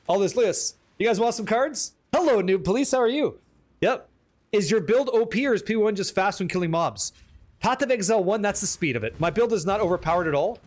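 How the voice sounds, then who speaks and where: Streamer, male: high-voiced, hyped and foul-mouthed, chatting with his audience over faint background hum. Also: a little fast. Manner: excitable, profane, teasing chat, reading questions aloud. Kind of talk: live gameplay stream, chatting with viewers.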